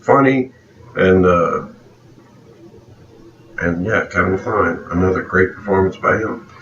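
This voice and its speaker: A man from South Louisiana co-hosting a casual movie chat, relaxed and opinionated, chuckling often. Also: deep voice, slow pace. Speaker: co-host of a movie review show. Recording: roomy, distant, dull, faint background hiss.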